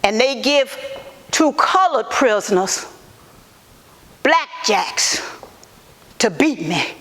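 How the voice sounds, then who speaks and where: Actress doing a woman activist, slow high voice, halting earnest testimony in an echoey hall. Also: lively intonation, a bit bright, exaggerated voice. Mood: anguished. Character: Southern Black woman civil rights activist testifying. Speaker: actor in museum portrayal. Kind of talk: first-person historical monologue.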